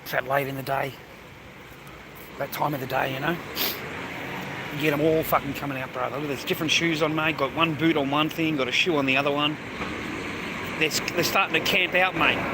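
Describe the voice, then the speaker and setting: Talking a little fast in a fairly high, fairly even voice, a young Aussie bloke gives live commentary to his stream viewers from an outdoor city street, swearing and joking like one of the lads. Loud traffic noise and street sounds fill the background.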